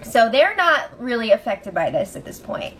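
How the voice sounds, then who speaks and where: A woman recapping a reality show in casual chat, animated, laughing often and acting out what people said. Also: fairly high pitch, moderate pace, a little hiss or hum. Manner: animated, laughing, acts out quotes, swears. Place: room at home.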